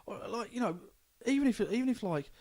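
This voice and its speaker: A man's voice: high voice, expressive, fairly quick, darkish tone, no room sound. A man with a London accent, a comedian hosting a casual podcast chat, rambling with stammering restarts. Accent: London English. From England.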